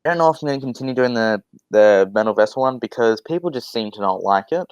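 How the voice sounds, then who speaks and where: A man's voice: medium pitch, expressive, fast talker, smooth, dry recording, highs cut off. A young man in casual podcast chat, rambling and swearing, with many restarts. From Australia. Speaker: podcast guest.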